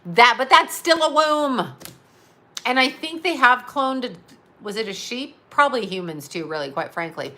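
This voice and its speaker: Middle-aged lady venting at the camera, swears a lot, rambles, laughs at her own jokes, kinda high bright voice. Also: lively intonation, moderate pace. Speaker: vlogger. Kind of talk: blunt profane monologue.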